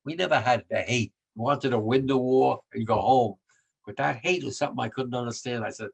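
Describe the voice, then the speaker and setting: Gravelly old man, rambling and emphatic. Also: medium pitch, a little fast, poor audio. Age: 90s. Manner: rambling and emphatic, with frequent restarts; gets emotional about his subject. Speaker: World War Two veteran, interviewee. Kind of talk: conversational interview.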